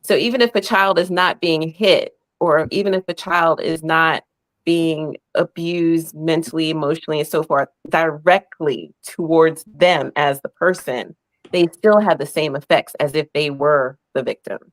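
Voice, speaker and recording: A woman hosting a live-stream interview, affirming her guest and speaking haltingly, with many fillers. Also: deep voice, steady tone. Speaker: host.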